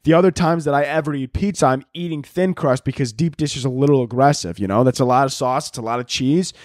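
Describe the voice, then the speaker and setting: Profane rambling podcast host, dry sound. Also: male voice, medium pitch, quick pace, a little mellow, no room sound. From Chicago area. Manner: profane, rambling, filler-heavy. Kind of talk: casual solo podcast monologue.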